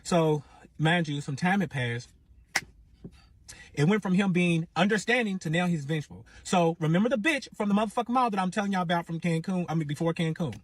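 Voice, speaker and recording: A man with tells his own messy relationship story at a brisk clip, with a husky edge to his voice. He is animated and profane, circling back with asides as he goes. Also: high-pitched. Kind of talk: casual storytelling.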